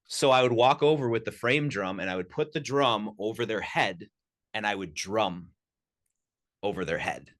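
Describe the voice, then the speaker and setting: A man with a fairly low voice tells stories as a guest on a podcast. He talks in a loose, casual way and keeps things animated, with plenty of "you know" and "like" along the way. He sounds like he is speaking into a studio microphone. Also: normal speed. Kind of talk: casual storytelling. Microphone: studio podcast mic.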